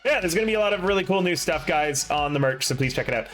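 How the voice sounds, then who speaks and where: A man's voice: fairly high pitch, animated, fast talker, fairly bright tone, soft background music. A young man streaming, chatting casually and rambling with self-deprecating asides before running a tabletop game.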